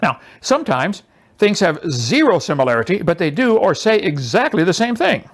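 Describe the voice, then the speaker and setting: A man lecturing a small audience, sarcastic and mocking, with an animated, emphatic delivery. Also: sits high, normal speed, slightly rough. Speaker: presenter.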